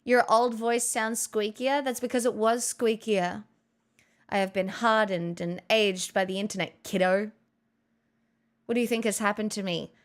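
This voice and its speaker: A woman's voice: medium pitch, fairly bright tone. A young woman live streamer chatting casually and rambling at her desk, self-mocking and swearing freely into a good studio mic.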